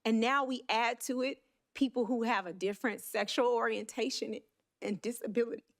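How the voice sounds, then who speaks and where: A woman council member giving an emotional, blunt speech at a city council meeting, with halting restarts. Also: fairly high pitch, fairly even intonation.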